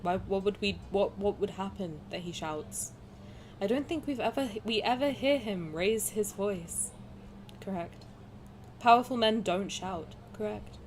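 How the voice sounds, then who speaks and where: A young woman streaming a game, chatting casually with viewers, swearing, getting excited, with a sore throat. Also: medium pitch, a little slow, a little hiss or hum.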